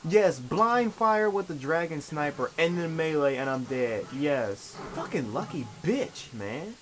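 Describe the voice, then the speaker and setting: A young man casually commentating while he plays an online shooter, swearing and complaining with sudden excited outbursts. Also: a little high, unhurried, soft background music. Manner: profane, frustrated, with excited outbursts. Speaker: gamer. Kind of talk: live commentary over gameplay. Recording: noisy capture over game audio. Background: game sounds.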